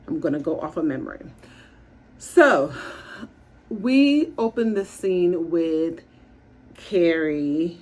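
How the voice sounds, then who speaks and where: A woman's voice: lowish voice, darkish tone. A woman recapping a TV episode from her office in a chatty, casual way, acting out the characters' lines. She is recording without her usual equipment. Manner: chatty, acts out characters' lines in quick voices. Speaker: TV show reviewer and therapist. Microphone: makeshift setup without her usual gear.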